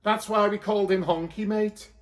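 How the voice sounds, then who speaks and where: A man's voice: high voice, fairly even intonation, moderate pace, voice pushed up, close to an everyday voice. A man doing a chirpy, camp donkey handler. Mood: chummy. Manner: chummy, calls people love and chuck.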